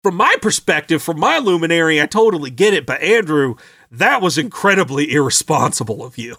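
A man's voice: fairly high pitch, very animated, a little fast, vocal fry, bright, forceful tone, no echo, studio quality. A man chatting casually about a video game he played, acting out characters with voices and laughing often. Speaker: podcast co-host recapping a video game. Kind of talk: casual chat.

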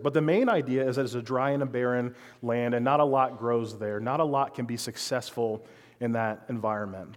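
A man's voice: mid-range voice, big-room sound. A man giving a sermon as a pastor, speaking conversationally and asking his listeners frequent rhetorical questions.

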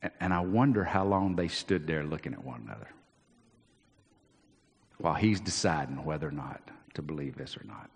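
A man, a pastor preaching a sermon, animated and acting out the Bible scenes he tells, with frequent restarts. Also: a bass voice, normal speed, pauses often, breathy edge. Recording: long reverb of a large hall.

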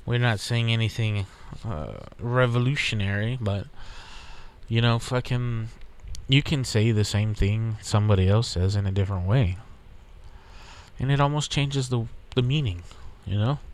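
A man's voice: fairly low pitch, measured pace. A man from Texas hosting a podcast alone, talking in a rambling, profane, laid-back way. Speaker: podcast host. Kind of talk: casual solo podcast monologue.

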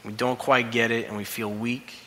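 Preacher, male, middle-pitched, storytelling sermon delivery with emphatic peaks, long hall reverb. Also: little pitch movement, normal speed, slight background noise. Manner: storytelling, rising to loud emphatic quoting. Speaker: pastor.

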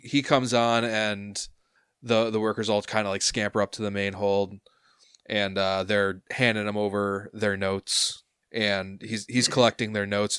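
Rambling low-voiced man as game master. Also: fairly bright tone, smooth, dry recording, studio quality. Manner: rambling, many fillers. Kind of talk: narrating a tabletop game.

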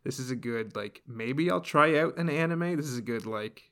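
A man's voice: medium pitch, moderate pace, fairly bright tone. A young man co-hosting a casual podcast, laid-back, laughing often and trailing off mid-thought. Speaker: podcast co-host. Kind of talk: casual chat.

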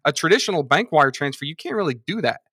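A man's voice: a little high, very animated, quick pace, a bit bright, breathy edge, dry recording. A man on a podcast, explaining things at length in a casual conversation and talking through examples. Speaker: guest from a seller funding service.

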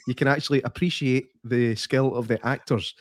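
A man's voice: mid-range voice, fairly even intonation, normal speed, dry recording, studio quality. A man co-hosting a live stream, chatting casually in a blunt, joking way with some swearing. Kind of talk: casual chat.

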